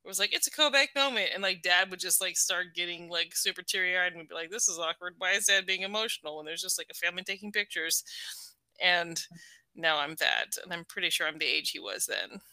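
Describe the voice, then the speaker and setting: Woman, 40s, bright and dry-sounding, casual podcast chatter, heavy "like" filler. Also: fairly low pitch, fairly quick, dry recording. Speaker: podcast co-host. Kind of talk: casual chat.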